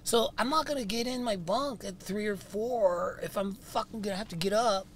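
A man telling a rowdy, profane story as a podcast guest in a van, loud and laughing as he goes. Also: high voice, moderate pace, slight background noise. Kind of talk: storytelling anecdote. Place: inside a van.

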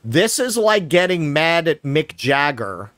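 A man's voice: on the high side, sing-song, unhurried, fairly bright tone, dry recording. A man with a New York accent co-hosting a political commentary show, sarcastic and profane, reading news aloud with mocking asides. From Queens, New York. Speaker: podcast co-host.

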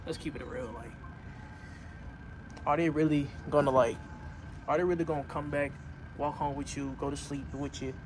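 A young man giving an earnest, casual motivational pep talk, repeating himself and pushing his voice louder as he urges the listener on. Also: on the high side, fairly even intonation, normal speed, long pauses, noisy background. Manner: earnest, repetitive, rising to loud urging. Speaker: vlogger.

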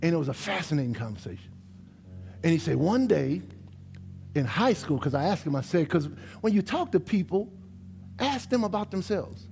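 A middle-aged man from New Orleans with a New Orleans accent, a pastor preaching a lively sermon to his congregation in a church. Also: on the high side, normal speed, creaky, slight background noise. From New Orleans, USA. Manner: animated preaching, dialect-rich, talks straight to the congregation. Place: church sanctuary.

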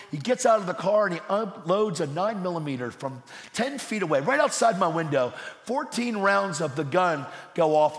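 A man preaching a sermon in a church, swinging from loud, urgent bursts to hushed, low passages. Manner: intense, swings from shouting to hushed. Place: church sanctuary. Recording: roomy hall with long reverb.

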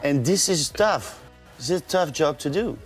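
A man's voice: fairly high pitch, lively intonation, measured pace, breathy edge, soft background music, full character voice. A man doing a mock French interviewee. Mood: pompous.

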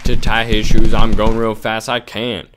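A man commenting on his gameplay in a jokey, excitable way, breaking into silly singing and high yelps. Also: a little slow. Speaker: gaming commentator. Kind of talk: let's play commentary. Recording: loud game music behind. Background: game music.

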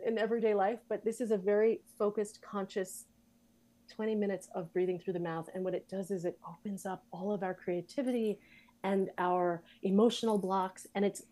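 A woman's voice: mid-range voice, fairly even intonation, brisk, mellow, poor audio. Earnest woman explaining thoughtfully. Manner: thoughtful, earnest, laughs easily. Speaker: guest, writer, actress and breathwork leader. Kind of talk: interview conversation.

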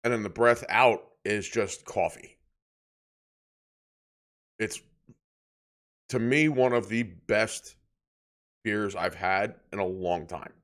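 A man's voice: on the low side, slow, pauses often. A man co-hosting a casual beer review podcast, rambling through tasting descriptions. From New Jersey. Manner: relaxed, rambling descriptions with filler words. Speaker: podcast co-host.

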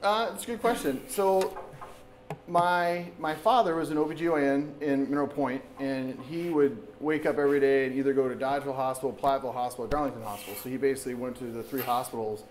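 A man in his thirties from Wisconsin, an orthopedic surgeon giving a relaxed public talk to an audience, speaking conversationally with lots of restarts. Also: mid-range voice, quick pace, rough recording. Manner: conversational, with frequent restarts and "so basically". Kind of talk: informal public lecture. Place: meeting room with an audience. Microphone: camera recording in the room.

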